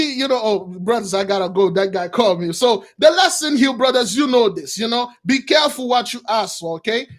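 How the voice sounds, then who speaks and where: Casting: excitable male preacher telling a fable, very high voice, shouting bursts. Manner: simple non-standard English grammar. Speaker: preacher and storyteller. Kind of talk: animated moral storytelling.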